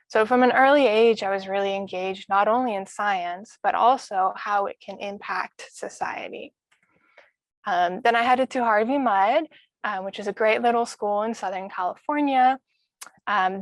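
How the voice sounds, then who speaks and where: A woman's voice: mid-range voice, dry recording. A young woman from the Netherlands, a graduate student, giving a friendly, explanatory science lecture.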